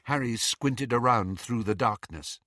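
A man's voice: mid-range voice, unhurried, no room sound, clean studio sound. A man narrating a fantasy story aloud, reading dramatically and voicing the characters. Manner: animated, dramatic reading with voices. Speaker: audiobook narrator.

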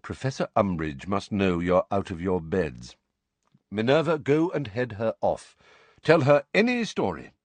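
A man voicing a calm, commanding elderly wizard headmaster who speaks in a measured, grave way. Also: on the low side, no room sound. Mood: urgent.

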